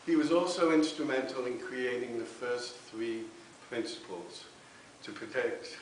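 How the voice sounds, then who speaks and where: A reverend giving an earnest spiritualist sermon with personal testimony, often checking in with the congregation. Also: male voice, mid-range voice, a little slow. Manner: earnest, tag questions with okay. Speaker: reverend speaking at a spiritualist church. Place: church hall. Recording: very echoey hall, distant mic, faint hiss.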